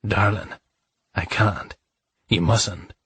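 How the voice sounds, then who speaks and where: A man playing a brooding, passionate male lover in a romance audiobook, speaking low and intimate. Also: steady tone, takes it slowly, fairly bright tone, no room sound, full character voice. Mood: low, tender. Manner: low, intimate, sometimes gruff.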